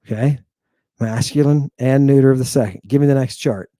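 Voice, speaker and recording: A man teaching ancient Greek grammar in a casual, animated lecture, blunt and talking straight to his viewers. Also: mid-range voice, brisk, no echo. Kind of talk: casual lecture over slides.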